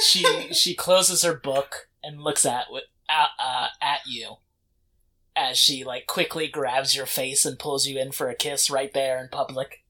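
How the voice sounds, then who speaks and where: Laid-back game master, bright voice, narrating between laughs. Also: mid-range voice, takes it slowly. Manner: laughing, easygoing, with many fillers. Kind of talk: narrating a tabletop role-playing game.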